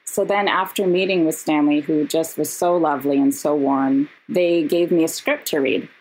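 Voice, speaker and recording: A woman, a podcast guest and actress, telling stories in casual chat, animated and laughing, with quick asides. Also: sits low, poor audio. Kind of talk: casual storytelling.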